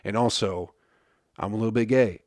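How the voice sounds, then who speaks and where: A man's voice: lowish voice, moderate pace, a little mellow, no room sound. A man hosting his own podcast, telling a comedic story in a profane, rambling way and laughing at his own jokes. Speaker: podcast host. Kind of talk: casual comedic monologue.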